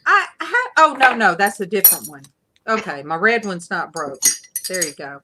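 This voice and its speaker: Lively rambling woman hosting a chat. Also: mid-range voice, moderate pace, noisy background. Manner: rambling, laughing storyteller. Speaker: host of an online panel chat. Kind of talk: casual chat.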